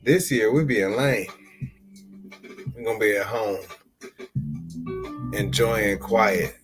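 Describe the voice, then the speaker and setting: A man's voice: lowish voice, slow, music in the background. A man hosting his own podcast, telling stories in a loose, playful, slangy way. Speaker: podcast host. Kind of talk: casual solo podcast monologue.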